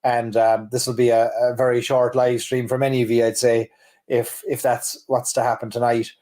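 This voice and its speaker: A man's voice: mid-range voice, little pitch movement, moderate pace, dark tone. A man from Cork with a Cork Irish accent, co-hosting a whiskey livestream in a rambling, playful, self-mocking way. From Ireland, Cork. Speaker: livestream co-host. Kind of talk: casual livestream chat.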